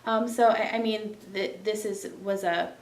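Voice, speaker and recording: A woman's voice: medium pitch, steady tone, a little slow. A woman working as a recreation therapist, talking in a casual interview with many ums and restarts. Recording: roomy sound from a distant mic, soft music under.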